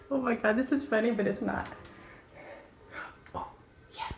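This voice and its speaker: A woman filming a casual vlog inside her house, excitable, flustered and a little breathless. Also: fairly high pitch, a little slow, pauses often. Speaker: vlogger. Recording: echoey room with faint background noise.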